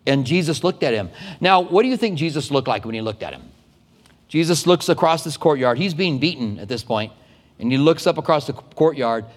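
Pastor preaching in an echoing hall. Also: male voice, a little high. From United States. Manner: conversational, animated storytelling with quick asides. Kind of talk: sermon. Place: church sanctuary. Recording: long hall reverb.

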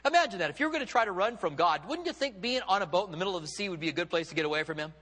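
A man's voice: high voice, animated, very fast, fairly bright tone. A male pastor preaching a sermon, acting out quotes with big dramatic swings in his voice. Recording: long hall reverb.

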